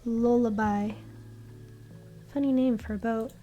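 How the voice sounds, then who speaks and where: Woman streamer, relaxed game commentary, slow and mellow, slightly high voice. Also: faint music behind. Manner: relaxed, wondering aloud.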